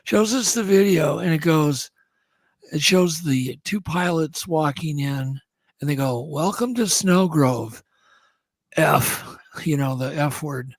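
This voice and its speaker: A man on a radio show telling a story in a casual, animated way and acting out what others said. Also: on the high side, unhurried, no echo. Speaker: guest.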